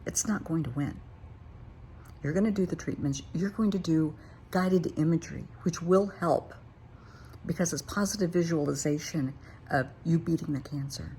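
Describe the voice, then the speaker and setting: A woman's voice: low-pitched, gravelly, darkish tone, slight background noise. An older woman, a therapist, giving an earnest, plain-spoken motivational talk to her viewers.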